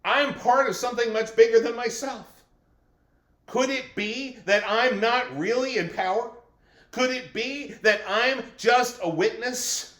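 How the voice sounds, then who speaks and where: Man acting as an anxious Roman governor, anguished self-questioning, high-ish male voice, echoey room. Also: measured pace, a bit bright. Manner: anguished inner monologue, questioning himself. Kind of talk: dramatic first-person portrayal.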